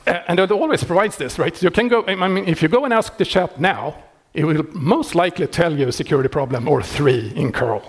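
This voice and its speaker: Husky, wry software maintainer man. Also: fairly high pitch, fairly quick, hardly any pauses. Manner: wry and animated, laughing often, many restarts. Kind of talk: casual explanatory talk.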